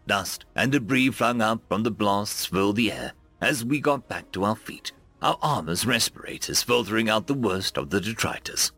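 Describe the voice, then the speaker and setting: A man reading a military science fiction story aloud, narrating with a dramatic, lively delivery. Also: lowish voice, normal speed, hardly any pauses, slightly rough, faint music behind. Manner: lively, dramatic reading with raised voices for dialogue. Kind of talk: scripted sci-fi story narration.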